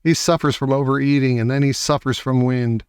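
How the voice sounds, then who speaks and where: A man reading aloud and voicing an angry, blustering father who shouts. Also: medium pitch, steady tone, brisk, smooth, no room sound, studio quality, lightly acted.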